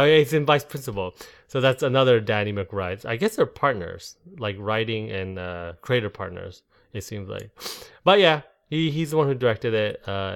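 A man's voice: lowish voice, creaky. A man hosting a casual movie discussion, rambling with many fillers and restarts.

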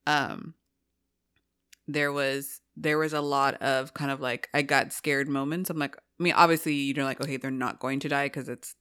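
A woman co-hosting a podcast with a bright, forward voice that sounds dry and close. She talks casually, with chatty, playful asides. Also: very deep voice, steady tone, normal speed, clean tone, no room sound. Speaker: podcast co-host. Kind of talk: casual chat.

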